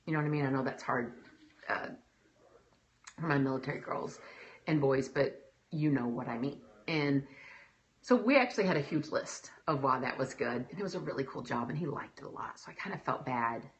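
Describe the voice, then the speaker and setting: A woman's voice: extremely low pitch, brisk. A woman, speaking emotionally and animatedly to an audience. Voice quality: emotional, animated, breaks into quoted voices. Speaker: speaker giving a talk. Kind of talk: personal talk to an audience.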